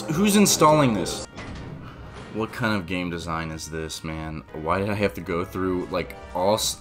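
A young man giving casual gameplay commentary, excitable, exclaiming and groaning a lot. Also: lowish voice. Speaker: gamer. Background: game music.

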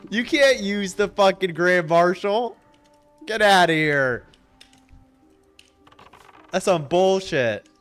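Excitable, high-voiced streamer swearing through gameplay. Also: male voice, slow, pauses often, clear, resonant tone, faint music behind. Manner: excitable, laughing, heavy swearing, talks to chat. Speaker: game streamer. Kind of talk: live gameplay commentary.

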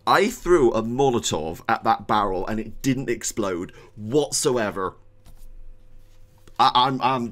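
A gaming YouTuber giving let's-play commentary, muttering one moment and yelling the next. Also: medium pitch, takes it slowly. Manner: excitable, swings from muttering to yelling.

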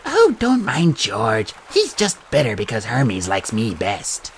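A man's voice: medium pitch, wildly swooping pitch, takes it slowly, slight background noise, full character voice. A man voicing a prim, showy female snake in an audiobook.

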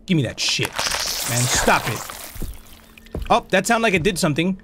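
A young man with a high, bouncy voice talks through a horror game as he plays it. He swings between low muttering and sudden yells, swearing freely. He sounds jumpy and excitable throughout. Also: normal speed, over music. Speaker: gaming video host. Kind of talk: live horror game commentary.

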